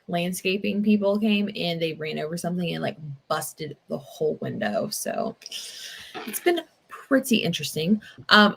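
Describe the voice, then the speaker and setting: A woman's voice: on the low side, vocal fry. Chatty young woman hosting a livestream. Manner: chatty, rambling, many fillers, animated when telling a story. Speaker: livestream book-club host. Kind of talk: casual livestream chat and storytelling.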